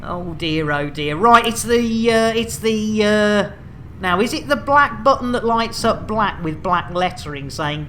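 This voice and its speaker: A woman's voice: mid-range voice, expressive, measured pace, a bit bright, a little hiss or hum. A woman giving playful, exclamatory live commentary as she streams a game.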